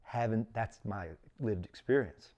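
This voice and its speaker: Man, interview host, animated storyteller, acts out voices. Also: fairly low pitch, unhurried. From East Tennessee. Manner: lively storyteller who acts out quoted voices. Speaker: podcast host, former bishop. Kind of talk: casual in-person interview.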